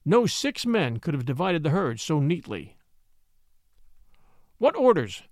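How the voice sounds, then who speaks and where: A man reads a classic tale aloud with a higher voice and a wide, lively swing of pitch. His storytelling is expressive and dramatic. The recording is dry and close, with no room sound. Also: moderate pace, no room sound. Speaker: narrator. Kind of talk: audiobook storytelling.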